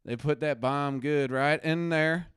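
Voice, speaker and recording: A man putting on a bombastic, self-righteous anti-drug crusader doctor who lectures his audience like a street-corner preacher. The voice sits a little high and sounds smooth and clean, lurching from grumbling asides to loud outbursts. It is recorded close in a dead-dry basement room. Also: measured pace, dry recording. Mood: ranting. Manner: ranting, preachy, swings between mutters and loud outbursts. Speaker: host. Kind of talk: satirical live-stream rant. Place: home basement.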